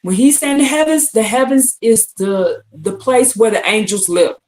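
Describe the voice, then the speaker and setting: A woman's voice: on the high side, expressive, normal speed, a little mellow. A woman teaching scripture on a casual livestream, repeating her points with emphasis and checking in with listeners. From United States. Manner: repetitive, emphatic, often asks "you see what I'm saying?". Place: indoors on a livestream, answering chat. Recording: roomy echo.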